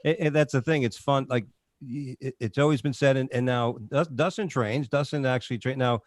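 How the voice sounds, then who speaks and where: A man hosts a casual talk show and rambles through his questions. His voice sits in a middle pitch, recorded dry and close. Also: fairly even intonation, fairly quick, dry recording. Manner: rambling, many fillers and restarts. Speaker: show host.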